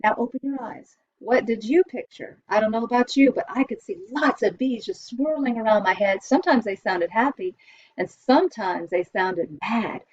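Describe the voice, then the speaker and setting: A woman's voice: a little high, darkish tone, husky, no echo, highs cut off. Cheerful American woman teaching kids music. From United States. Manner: cheerful, explains slowly for kids. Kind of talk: children's music lesson.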